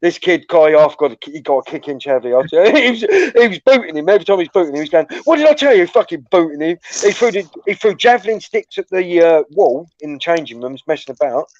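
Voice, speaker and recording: A man's voice: on the high side, animated, fast, few pauses, no room sound. A young man hosting a casual chat, telling school stories full of swearing and laughter. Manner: swears freely, laughs through anecdotes. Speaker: host. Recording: muffled, dry sound.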